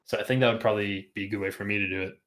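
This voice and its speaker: A man's voice: on the low side, little pitch movement, racing, a bit bright, a little hiss or hum. A man co-hosting a casual streamed chat, laid-back and rambling with many fillers. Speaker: podcast co-host.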